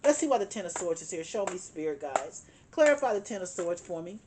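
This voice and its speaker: A woman's voice: lowish voice, sing-song, a little fast, noisy background. A woman giving a tarot card reading, speaking emphatically, repeating her points and chuckling now and then. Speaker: tarot reader.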